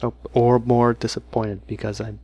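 A man's voice: medium pitch, normal speed, no echo. A man co-hosting a podcast, chatting casually with dry, self-deprecating humor. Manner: dry, self-deprecating, calls himself monotone. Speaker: podcast co-host.

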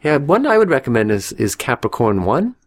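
A man's voice: medium pitch, very animated, fairly quick. A man co-hosting a casual podcast, talking through movie recommendations in a rambling way with restarts and dry jokes. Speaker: podcast co-host. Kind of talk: casual chat about movies.

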